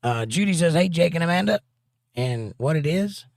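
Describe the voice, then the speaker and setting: A man's voice: on the high side, expressive, normal speed, gravelly, no room sound, studio quality. A man hosting a casual livestream, joking around and reading viewers' chat messages aloud. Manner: jokey, reads chat aloud. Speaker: host.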